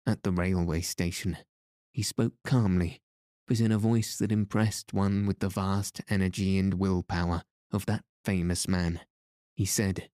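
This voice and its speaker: A man narrating a classic story as an audiobook, in a measured, even way. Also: low voice, dry recording, clean studio sound.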